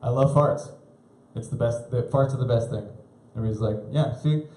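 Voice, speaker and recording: A young man doing a live stand-up set, rambling and laughing at his own stories, jumping into high shouty voices for the people he quotes. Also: fairly even intonation, brisk. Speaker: stand-up comedian. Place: live comedy club stage. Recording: roomy club sound.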